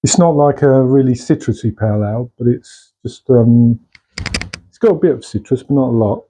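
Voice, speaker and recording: A man chatting casually as he brews and pours his own beer in a home bar shed, relaxed and asking tag questions. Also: mid-range voice, moderate pace, slight background noise, low-quality recording. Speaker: home brewer. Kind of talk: casual how-to chat. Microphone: camera mic, held by a helper.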